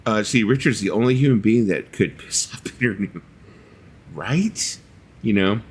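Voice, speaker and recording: A man's voice: on the low side, normal speed, slight background noise. A man co-hosting a casual chat among friends, playful and rambling, often restarting his sentences. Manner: playful, often restarts and fills in with "you know".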